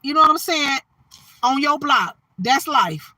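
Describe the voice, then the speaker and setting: A woman's voice: sits high, expressive, a little slow, pushed and bright, no echo. Emphatic woman preaching on a phone live. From Detroit, Michigan. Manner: emphatic, repeats "you understand what I'm saying". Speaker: livestream host. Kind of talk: preachy livestream monologue.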